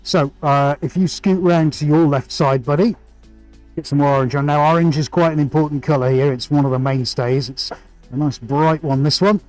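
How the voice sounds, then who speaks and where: A man's voice: on the high side, fairly even intonation, moderate pace, darkish tone, faint music behind, rough recording. A man hosting a live painting stream, chatting energetically and greeting viewers by name. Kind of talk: casual live-stream chat while painting.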